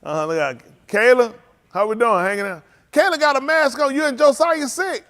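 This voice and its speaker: A man's voice: very high voice, normal speed, fairly bright tone. A man, leading a congregation and greeting livestream viewers by name in a joking, teasing, casual way. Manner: joking, teasing, calls out names.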